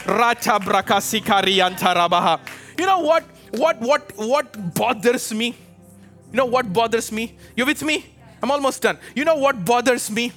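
A man's voice: extremely high pitch, normal speed, a bit bright, soft background music. A man preaching a fervent sermon to his congregation, calling out to them, urging them and rousing them to respond. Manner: fervent, exhorting, calls out to the congregation. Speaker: pastor. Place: church with a live congregation.

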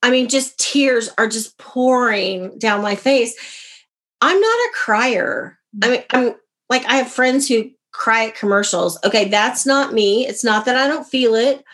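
A woman's voice: fairly high pitch, unhurried. A woman, a guest and author from America, telling a personal story in an interview and acting out the dialogue. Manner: animated, acts out quoted dialogue.

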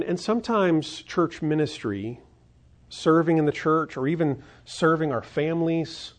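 A male pastor delivers a sermon in an earnest, emphatic manner. His voice sits a little higher than most men's. He repeats his key lines slowly to drive them home. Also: darkish tone.

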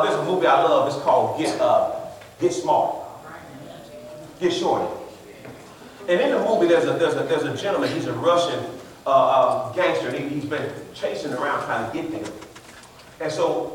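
A pastor giving an animated sermon, laughing and acting out quotes with emphasis. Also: male voice, on the high side, brisk. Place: church hall. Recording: roomy church sound from a distance with congregation. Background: congregation responding.

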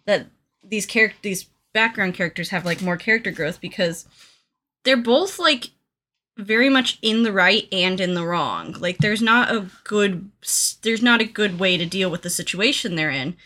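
A woman's voice: mid-range voice, animated, normal speed, bright, forceful tone. A woman co-hosting a podcast, discussing a movie in casual chat, hesitant and full of filler words. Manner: hesitant, filler-heavy, chatty. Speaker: podcast co-host.

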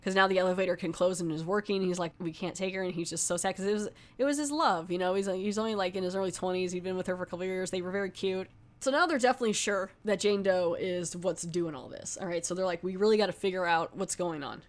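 A woman with a fairly low voice talks fast as she casually recaps a horror film's plot in the role of a movie reviewer. Her storytelling rambles and is heavy with fillers, especially a frequent "like."

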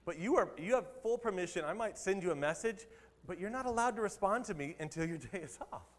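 A man's voice: high-pitched, lively intonation, quick pace, big-room sound. A man, a pastor, giving a conversational sermon and laughing now and then at his own jokes.

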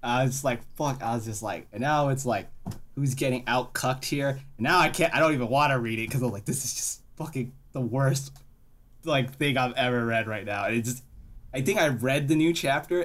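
A young man co-hosting a podcast in casual chat, ranting in an animated, profane way with loud exasperated outbursts. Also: mid-range voice. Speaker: podcast co-host.

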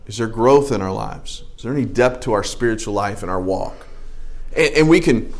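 A man's voice: lowish voice, animated, normal speed. Folksy joking man preaching a sermon. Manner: folksy, joking, conversational preaching with many restarts. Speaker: pastor.

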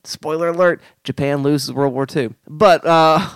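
A man from Oklahoma co-hosting a casual film analysis podcast, animated and jokey with playful asides. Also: fairly high pitch, unhurried, clear, resonant tone, dry recording, studio quality. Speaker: podcast co-host.

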